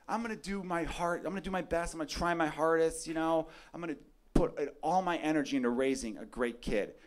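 A young adult man doing a stand-up comedy set, ranting loudly toward his punchlines while the audience laughs. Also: fairly high pitch, a little fast. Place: comedy club stage. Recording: live club recording with crowd noise.

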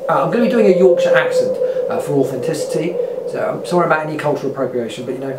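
A man's voice: on the high side, expressive, racing. A man vlogger reading from a book for laughs, with dry jokes and many fillers. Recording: roomy, distant mic, clear ambient noise.

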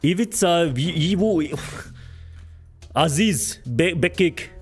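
A man with a high, bouncing voice, talking through a live stream in an excitable rush that keeps tripping over words and swearing. He drawls his words slowly. Faint music plays under him. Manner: excitable, swears often, stumbles over names. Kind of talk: casual live-stream commentary.

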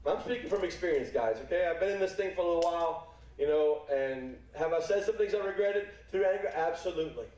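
Middle-aged man, pastor, sermon, folksy and playful, high voice, booming church echo. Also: fast talker, a little mellow, distant mic. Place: church sanctuary. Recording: echoey church hall, speaker away from mic.

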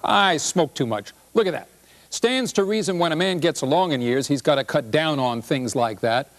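A man's voice: a little high, animated, normal speed. A man reading a play aloud, voicing an indignant older man complaining about his doctor.

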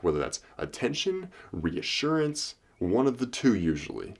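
A man's voice: deep voice, sing-song, normal speed, few pauses, slight background noise. A man talking straight to camera as a dating coach, blunt and profane, slipping into acted lines to make his points. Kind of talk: direct-to-camera advice talk.

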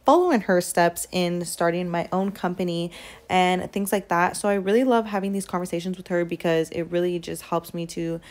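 A woman's voice: fairly low pitch, fairly even intonation, moderate pace, darkish tone. Tired, chatty woman vlogger. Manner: chatty, emotional, swears casually. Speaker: fitness vlogger. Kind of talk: casual vlog chat. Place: hotel room.

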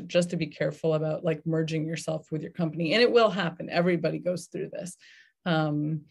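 A middle-aged woman with a somewhat low voice, speaking as a guest on an interview podcast. She talks in a thoughtful, conversational way, pausing often on ums and restarting her sentences. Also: vocal fry, darkish tone. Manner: thoughtful, many fillers and restarts. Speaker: venture investor guest.

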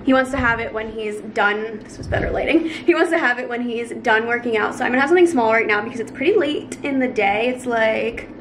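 A woman's voice: a little high, fairly quick, few pauses, slight background noise. Bubbly young woman vlogging at home. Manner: bubbly, chatty, squeals with excitement, talks to her cats. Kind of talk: casual vlog chat. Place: home bedroom and kitchen.

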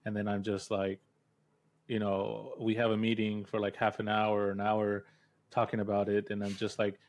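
A man hosting an interview, chatting casually in a relaxed, rambling way with lots of filler words. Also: lowish voice, moderate pace. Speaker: host interviewer.

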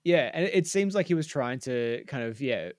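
Male podcast co-host, middling pitch, agreeable chimer-in, dry room. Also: animated, normal speed, no echo. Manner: agreeable, chiming in with yeah. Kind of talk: casual chat.

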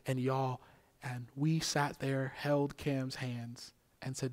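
A young man preaching a sermon as pastor, with a repetitive cadence that swings between loud exhortation and near-whispers. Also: medium pitch, fairly even intonation, normal speed.

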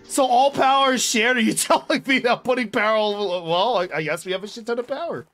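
A young man streaming a video game, rambling loudly to chat, swearing and bursting into yells. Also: very high-pitched, fairly quick, faint music behind. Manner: loud, rambling and profane, bursts into yelling. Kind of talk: casual live-stream chat while gaming.

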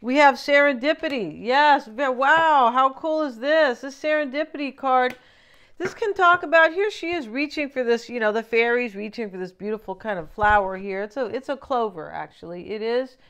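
A woman doing a casual tarot reading, chatty and lively, often asking "right?" as she talks. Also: high-pitched, moderate pace, clean tone. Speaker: tarot reader.

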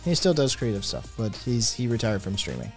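A man hosting a casual livestream, reading chat messages aloud and answering them with loud, profane, animated opinions. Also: on the low side, fairly quick, faint music behind. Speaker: podcast host reading live chat.

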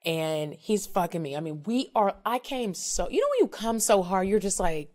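In a mid-range, sing-song voice with a darkish tone, a woman in her thirties co-hosts a podcast, telling a story frankly and with animation at normal speed. She acts out both sides of the conversation in this casual storytelling chat.

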